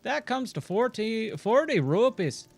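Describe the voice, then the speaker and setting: A man's voice: high-pitched, sing-song, unhurried, vocal fry, faint music behind, pitched above the performer's own voice, full character voice. A man voicing a chatty male traveling merchant in a jumbled mix of accents, with friendly sales patter. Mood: cheery. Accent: mixed put-on accent.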